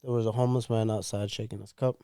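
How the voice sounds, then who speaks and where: Young man telling stories, mellow voice. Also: fairly low pitch, fast talker, clear, resonant tone, no room sound, studio quality. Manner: swearing, animated storyteller. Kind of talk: casual storytelling.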